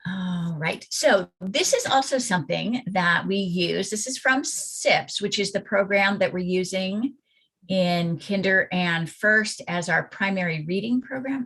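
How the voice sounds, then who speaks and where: Woman teacher, unhurried pace, spells out letter sounds for parents over a video call. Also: mid-range voice, a bit bright. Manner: slow, deliberate, sounds out letters and vowel sounds. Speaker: reading teacher presenting to parents. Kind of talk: online parent workshop on phonics. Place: home or classroom at computer, presenting slides.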